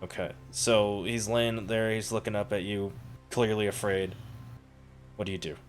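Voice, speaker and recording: A man's voice: fairly low pitch, flat delivery, moderate pace, faint music behind. A man narrating a tabletop role-playing game as game master, in a loose, rambling way with fillers.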